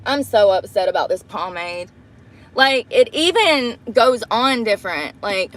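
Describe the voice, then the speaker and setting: Inside a parked truck, a woman livestreaming a get-ready-with-me vlog tells stories casually while doing her makeup. Her mid-range, expressive voice moves a little slowly as she vents in a profane, blunt, and exasperated way.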